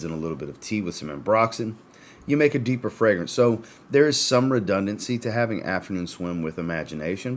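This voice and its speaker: Man, low voice, hiccups, casual fragrance-review host, faint noise in the background. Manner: chatty, descriptive, addresses viewers as guys. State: has the hiccups.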